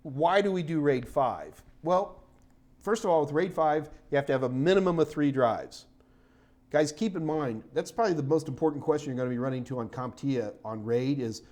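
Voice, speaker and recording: A man's voice: mid-range voice, a little mellow. A middle-aged man giving a live-streamed technical lecture as an IT certification instructor, casual and joking as he talks through his slides.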